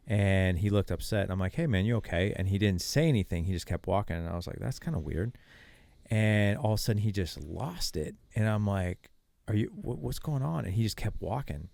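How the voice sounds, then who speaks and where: A man's voice: low-pitched, vocal fry, no echo. A middle-aged man, a podcast guest, telling a story casually and acting out the dialogue. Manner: animated, acts out quoted dialogue.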